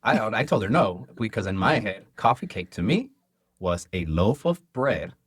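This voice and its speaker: A man with a fairly low voice chats in an interview as a restaurant owner and cook. He tells stories with energy and acts out bits of dialogue. The sound is dry and close. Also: normal speed, husky, no room sound. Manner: animated storyteller acting out dialogue. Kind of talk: casual interview chat.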